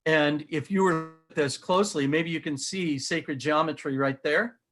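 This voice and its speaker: A man's voice: a little high, moderate pace, fairly bright tone, faint music behind. A middle-aged man with a slightly raised voice explains shapes in an earnest, eager way. He talks as he shows models, pointing things out as he goes, like a guest in a conversation. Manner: earnest, enthusiastic, demonstrative. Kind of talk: animated explanation while showing models.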